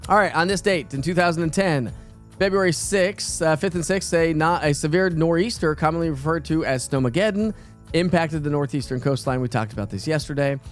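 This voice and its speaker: A chatty middle-aged man hosts a morning weather show, wandering from forecast to trivia with many fillers. His voice sits a little high. Faint music plays under him. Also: a little fast. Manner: chatty, rambling, filler-heavy.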